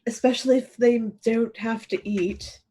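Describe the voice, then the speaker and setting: A woman's voice: on the high side, steady tone, normal speed, warm tone, husky. Earnest woman arguing her case. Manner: earnest, persuading, starts lines with "I mean". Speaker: tabletop game player. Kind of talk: casual chat.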